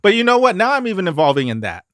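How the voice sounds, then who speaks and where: A Mississippi man appears as a guest singer on a podcast, chatting casually in a lively, mid-pitched voice at a rapid-fire pace. He's an animated storyteller who acts out quoted voices as he goes. The recording is dry and close, with no room sound at all.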